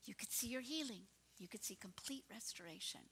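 A woman preaching with a bright, fairly high voice. She is earnest, often sinking to a near whisper before rising into fervent prayer. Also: expressive, fairly quick, a little hiss or hum. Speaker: pastor. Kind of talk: sermon.

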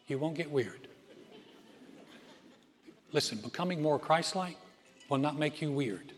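A male pastor preaching a sermon in a church auditorium, telling stories earnestly and dropping to soft, quiet phrases. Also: on the high side, expressive. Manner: earnest storytelling with dramatic pauses, softening to near-whisper. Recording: reverberant hall with music behind.

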